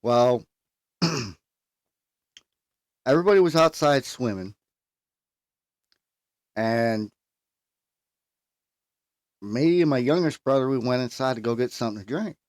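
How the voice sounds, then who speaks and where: A man's voice: mid-range voice, lively intonation, a little slow, pauses often, darkish tone, no echo, studio quality. A man casually telling a funny family story, laughing often as he goes. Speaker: storyteller guest.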